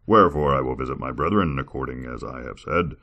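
A man voicing God in slow, grand pronouncements. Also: a bass voice, sharp tone, muffled recording, heavily acted. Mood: solemn. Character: solemn booming male deity.

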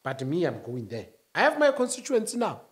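A man speaking as a union-leader guest, emphatic, rising to shouts and then dropping low. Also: huge pitch swings, normal speed. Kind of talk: animated interview talk.

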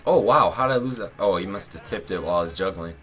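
Young male gaming host, bright forward tone, relaxed chatter that spikes into excited yells. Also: low voice, quick pace. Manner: excitable, yells and laughs at close plays. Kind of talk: casual gameplay commentary.

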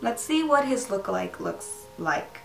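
Excitable young woman in an echoey room. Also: medium pitch, a little slow, gravelly, soft background music. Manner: rambling, excitable, easily spooked, lots of "um" and "like". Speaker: vlogger. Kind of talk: casual chat to camera. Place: small room indoors, seated at a laptop.

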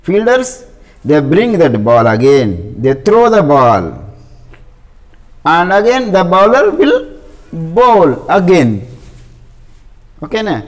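A man's voice: on the high side, wildly swooping pitch, takes it slowly, pauses often. A man teaching an English reading lesson to children in Indian English, explaining step by step and often checking with questions. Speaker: school teacher.

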